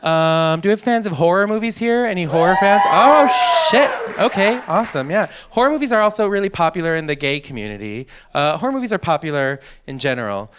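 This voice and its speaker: A man's voice: a little high, a little hiss or hum. A man in his thirties with a sing-song voice doing a stand-up comedy set on a theater stage, into a handheld mic. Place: theater stage with live audience.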